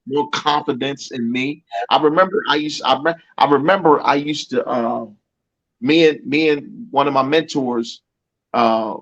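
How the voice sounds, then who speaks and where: A middle-aged coach gives motivational talk during an interview, hammering points home with repetition, frequent restarts and a preacher's rhythm. His pitch is medium, and the recording is dull.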